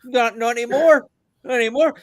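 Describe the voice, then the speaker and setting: A man's voice: a little fast, no echo, studio quality. A man, a veteran guest on a podcast, talking casually and bluntly, joking as his voice climbs while he rants, over a video call. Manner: blunt, joking, gets louder and higher as he rants.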